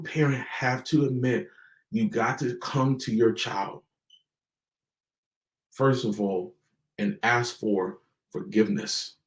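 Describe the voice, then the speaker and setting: A man hosting a motivational talk to parents, with a preacher-like delivery that repeats key words and slows down for emphasis. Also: fairly high pitch, darkish tone, reverberant, rough recording. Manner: preacher-like, emphatic repetition and pauses. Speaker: host.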